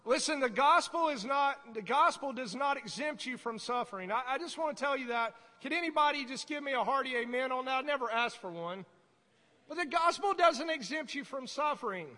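A woman preaching a sermon in a conversational way, breaking into sudden shouted bursts. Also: sits high, animated, a little fast. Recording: echoey hall.

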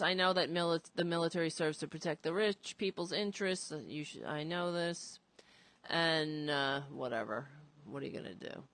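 A woman hosting a casual political talk show, rambling, cursing and animated as she talks. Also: low voice.

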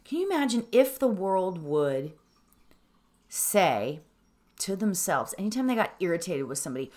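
A middle-aged woman teaching meditation, chatting with animated reflection and then guiding breathing in a calm, soft voice. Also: lowish voice, moderate pace. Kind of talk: casual talk leading into guided meditation.

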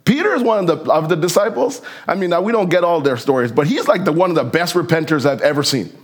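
A man preaching a sermon in a conversational, animated way, acting out Bible characters with casual asides. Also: a little high, quick pace. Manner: conversational, uses slang and fillers. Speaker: pastor.

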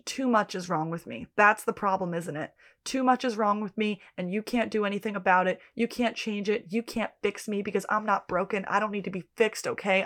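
A woman's voice: medium pitch, a bit bright. A woman podcast co-host in casual chat, recapping a TV episode and reading out scene dialogue with plenty of swearing.

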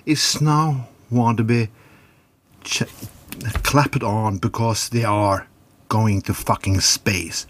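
A man's voice: mid-range voice, close to an everyday voice. A man doing an impression of an older male president, swearing through an angry rant.

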